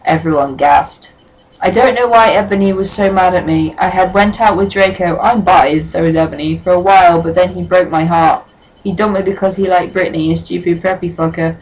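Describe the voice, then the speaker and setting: A woman's voice: on the low side, brisk, darkish tone, lo-fi sound. A woman giving a comic reading of a fan story, breaking in with dry, sardonic asides. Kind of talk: comic dramatic reading with commentary.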